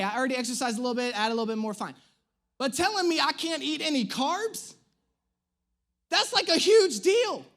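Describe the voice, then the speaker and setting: A man in his thirties, a pastor, telling a humorous personal story in an animated, self-mocking way during a sermon. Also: extremely high pitch. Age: 30s. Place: church stage.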